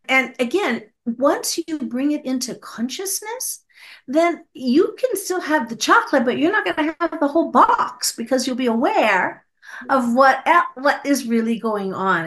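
A woman who is a psychologist guest on a podcast interview, telling stories and acting out her clients' lines with animated shifts of voice. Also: on the high side.

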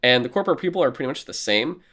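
A man in casual podcast chat, retelling movie plots with animated, profane storytelling and acted-out lines. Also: medium pitch, very fast.

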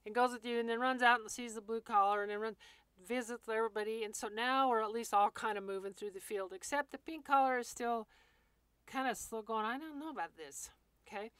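A woman's voice: a little high, fairly even intonation, brisk, fairly bright tone, clear, resonant tone, no echo. A woman walking listeners through a scene step by step in a vivid, folksy teaching manner, speaking to them as "you". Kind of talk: guided walkthrough talk.

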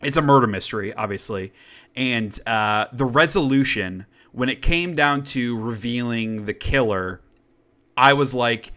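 This podcast co-host has a mid-range, bright voice with a forceful tone, and he keeps a measured pace. He chats casually about movies he's watched, rambling along with fillers and restarts.

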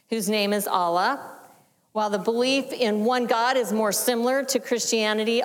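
Woman, church teaching, measured and explanatory, soft falling phrase endings, long hall reverb. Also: mid-range voice. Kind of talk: sermon teaching.

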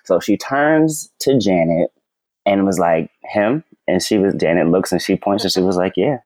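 A man telling a story as a podcast guest, animated, rambling and acting out quoted dialogue. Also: sits low, no echo. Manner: fast, rambling with many "like"s. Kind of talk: casual storytelling chat.

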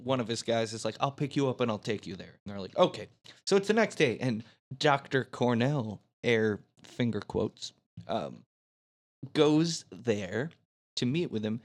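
A man's voice: medium pitch, lively intonation, a little slow. A man casually recapping a movie plot on a podcast, laughing often and leaning on filler words. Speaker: podcast host.

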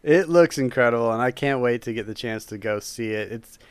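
A man chatting casually as a podcast co-host, his voice smooth and resonant. He talks with eager enthusiasm, sometimes circling back on his words. The sound is close and dry. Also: medium pitch, brisk, no room sound. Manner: enthusiastic, rambling with restarts. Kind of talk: casual chat.

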